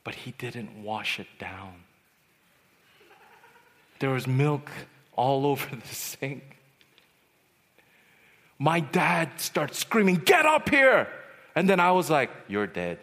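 A man giving a personal testimony as a retreat speaker, storytelling and swinging from hushed to loud. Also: medium pitch, slow pace, pauses often, breathy edge. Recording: long hall reverb.

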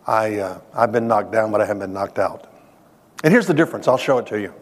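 In a long, reverberant hall, a man with a fairly low voice talks at a quick pace. He shares a sincere, emphatic testimony styled like a sermon, speaking straight to those listening.

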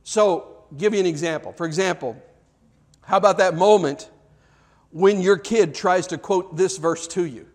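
A man's voice: high voice, moderate pace. A man preaching a sermon to a congregation, conversational, asking the crowd questions and repeating himself as he builds points. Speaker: pastor. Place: church before a congregation.

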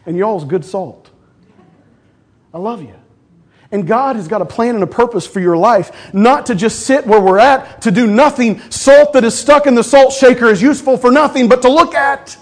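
Man, pastor, sermon, emphatic, loud-to-hushed swings, high male voice. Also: moderate pace. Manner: calls for congregation response.

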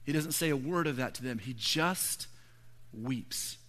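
A man preaching a sermon, earnestly building to pointed rhetorical questions and then falling to a hushed, quiet delivery. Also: fairly high pitch, normal speed. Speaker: pastor.

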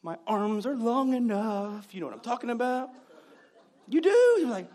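A man's voice: extremely high pitch, very animated, normal speed, darkish tone. A man preaching a sermon, telling stories with mimicked voices and joking, sarcastic asides. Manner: jokey, sarcastic humor. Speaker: pastor.

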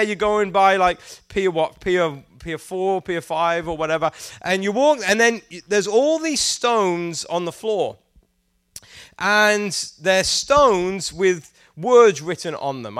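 A man's voice: high-pitched, a bit bright, smooth, no room sound. Man, British accent, youth pastor, sermon, playful and teasing, quizzes the crowd, dry close sound. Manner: interactive, prompting the crowd to answer.

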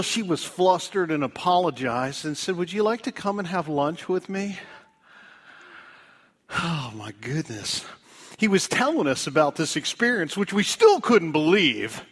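A male pastor preaching a sermon, telling stories with big rises in pitch and dropping low and soft to stress key points. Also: slightly rough. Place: church.

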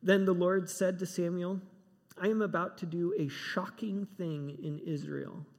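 A man's voice: high-pitched, fairly even intonation, unhurried. A man preaching a sermon, emphatic and given to repeating himself. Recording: long hall reverb.

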